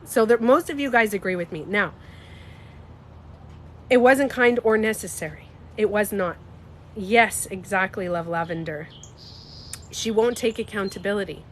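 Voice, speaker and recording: A woman's voice: medium pitch, unhurried, long pauses, slight background noise. A young woman hosting a casual livestream, talking emphatically and answering chat comments. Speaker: livestream host.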